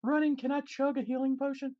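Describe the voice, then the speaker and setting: A woman playing in a tabletop game, chiming in with loud, excited remarks in casual chat. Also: high-pitched, quick pace, dull audio. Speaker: player.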